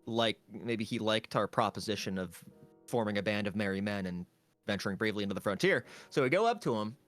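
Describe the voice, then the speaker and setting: A man's voice: on the low side, animated, brisk, fairly bright tone, soft background music. A man, a tabletop game player, casually recapping a session in a rambling way with lots of fillers.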